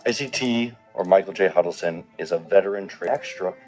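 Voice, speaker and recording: A man's voice: deep voice, brisk, a little mellow, faint music behind, poor audio. A man narrating a commentary video, emphatic and indignant, with occasional profanity. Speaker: commentary youtuber.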